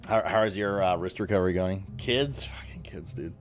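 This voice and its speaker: A man with a very low voice chats loosely with his stream audience, rambling, swearing freely and answering chat messages. Soft music plays faintly behind him. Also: moderate pace. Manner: rambling, profane, reading chat aloud. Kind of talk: casual chat.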